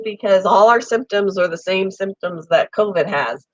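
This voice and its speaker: A woman's voice: fairly low pitch, a little slow, no room sound, muffled recording. A woman with a cold hosting a casual pet chat at home, rambling with lots of ums and an occasional cough. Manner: rambling, friendly, many ums. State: has a summer cold, coughing. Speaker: pet channel host. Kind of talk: casual live chat with viewers. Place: home room with air conditioner.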